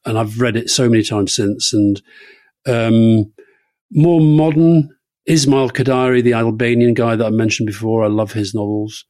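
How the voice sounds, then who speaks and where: A man's voice: on the low side, a little mellow, no echo. A middle-aged man co-hosting a podcast, teasing, dry and blunt as he reads questions. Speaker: podcast co-host. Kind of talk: casual podcast chat.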